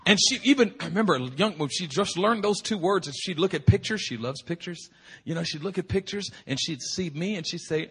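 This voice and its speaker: High, lively, impassioned male preacher. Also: brisk, husky. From United States. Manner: impassioned, swings from hushed to shouting; repetitive, emphatic preaching. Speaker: pastor. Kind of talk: sermon.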